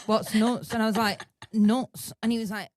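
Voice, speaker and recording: Blunt, animated English woman. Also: fairly high pitch, normal speed, dry recording, studio quality. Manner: blunt, swears, animated storytelling. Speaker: podcast host. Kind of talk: casual chat.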